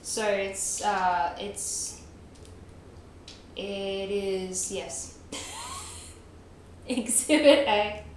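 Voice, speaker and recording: Streaming a game, a young woman speaks extremely slowly with long pauses, her mid-range voice swinging hugely in pitch. She chats casually with viewers, laughing and mocking herself, in a very echoey room with faint noise.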